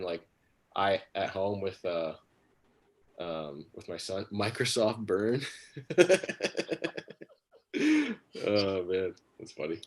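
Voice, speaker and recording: Male stand-up comic, fairly low voice, loose and rambling, swears freely. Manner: rambling, many fillers and restarts, crude. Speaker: stand-up comedian. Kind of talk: stand-up set on a livestream.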